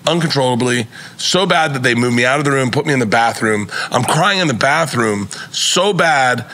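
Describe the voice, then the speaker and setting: A middle-aged comedian tells a long story on a podcast, swearing freely and tumbling over his own words. His voice is bright and forceful, and his pitch sits at an ordinary middle height for a man. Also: normal speed, a little hiss or hum. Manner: profane, excitable, rambling with restarts. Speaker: comedian guest.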